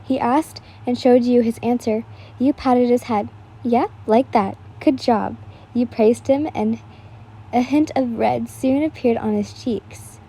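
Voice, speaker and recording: A woman's voice: on the high side, fairly even intonation, a little slow, warm tone, breathy edge. A young woman casually reading fan fiction aloud, tired and yawning, breaking off for chatty asides.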